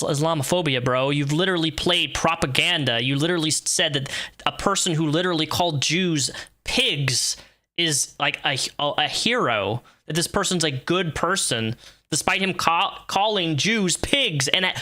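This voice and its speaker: Blunt reaction-channel host, bright voice. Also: male voice, on the high side, moderate pace. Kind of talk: casual reaction commentary.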